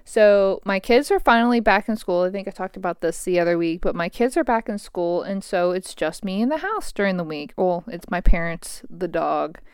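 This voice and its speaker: Frank venting woman, smooth voice. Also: medium pitch, expressive, normal speed, few pauses, no echo, clean studio sound. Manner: frank, venting, swears freely. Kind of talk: casual solo monologue. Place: home office at a desk.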